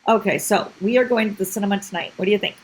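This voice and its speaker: A woman's voice: medium pitch, very fast, breathy edge, rough recording. A woman teacher explaining a grammar lesson step by step, often checking in with the class.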